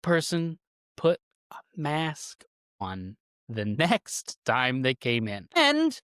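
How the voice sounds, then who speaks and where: A man's voice: medium pitch, huge pitch swings, slow pace, fairly bright tone, no echo, clean studio sound. Laid-back man telling shop stories. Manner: loose and storytelling, with swearing and laughs. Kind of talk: casual podcast conversation.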